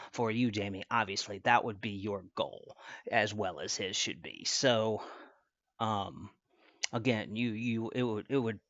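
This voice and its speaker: A man's voice: lowish voice, a bit bright, no echo, highs cut off. A man hosting a stream, giving casual commentary in a rambling way, full of fillers and restarts. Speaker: stream host.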